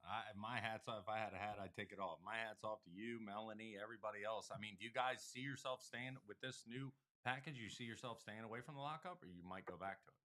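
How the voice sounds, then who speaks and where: A man's voice: lowish voice, quick pace, hardly any pauses, pushed and bright. A man hosting a casual talk show, telling rambling, profane stories. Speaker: podcast host. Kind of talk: casual chat.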